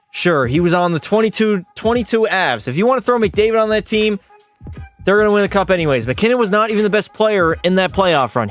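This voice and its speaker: A young man streaming a game, tipsy from beer, who swears freely and argues back at his chat. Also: on the high side. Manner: profane, argumentative, talks back to chat. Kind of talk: casual live-stream chat.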